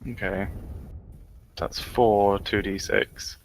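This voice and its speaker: A man's voice: lowish voice, steady tone, slow pace, slight background noise. A man playing in a tabletop game, chatting casually and protesting in jest. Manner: mock-indignant, joking protests. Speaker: player.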